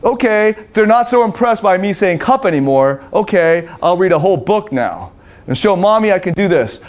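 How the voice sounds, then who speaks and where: A man's voice: high voice, voice pushed up. A man putting on the inner voice of a needy toddler boy who is eager to please his mother. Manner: earnest, pleading inner voice.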